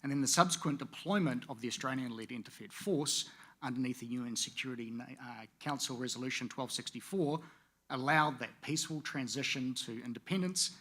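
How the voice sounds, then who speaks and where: A man from the Pacific Islands, in his forties, speaking as a panelist at a conference. He talks in a measured way with frequent "uh" fillers. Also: medium pitch, fairly bright tone. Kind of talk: formal conference speech. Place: conference venue.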